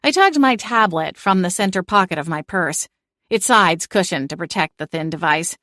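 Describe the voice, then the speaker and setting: A woman giving an expressive first-person audiobook narration into a studio microphone. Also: lowish voice, moderate pace, no echo.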